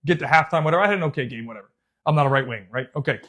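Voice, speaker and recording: A man, a youth soccer coach, telling a story in a casual, animated way, swearing often and calling the listener bro and dude. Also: mid-range voice, rapid-fire. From United States.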